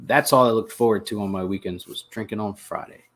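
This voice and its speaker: A man hosting a podcast, telling his own story in an earnest, halting way, with repeated words and restarts. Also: on the low side, a bit bright. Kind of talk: confessional personal narration.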